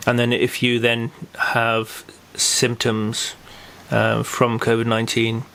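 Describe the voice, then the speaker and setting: A man's voice: mid-range voice, completely flat delivery, takes it slowly, fairly bright tone. A man hosting a local podcast in casual chat, rambling with many fillers and restarts. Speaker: podcast host.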